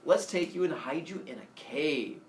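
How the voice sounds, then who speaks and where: Man doing a sheepish hushed king of gods. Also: fairly high pitch, expressive, normal speed, natural voice. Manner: hushed, hesitant with fillers. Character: nervous middle-aged male king of gods, sheepish husband. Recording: echoey room, mic far off.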